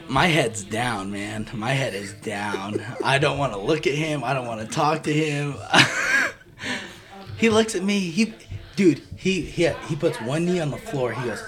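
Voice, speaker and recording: A man's voice: mid-range voice, normal speed. A man telling a story in a casual chat, acting out the people in it and laughing as he goes. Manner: animated, laughing, acts out quoted voices.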